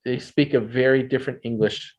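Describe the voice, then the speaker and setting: American man explaining things, relaxed. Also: mid-range voice, fairly quick, poor audio. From United States. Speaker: guest. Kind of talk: casual video call chat. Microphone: video call.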